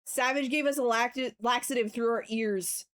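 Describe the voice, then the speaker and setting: Woman streamer, highish voice, super bright, yells a lot then says sorry, swears casually. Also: normal speed. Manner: excitable, bursts into shouts then apologizes; swears freely, playful trash talk. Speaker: livestreamer sculpting on stream. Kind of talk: casual live-stream chat.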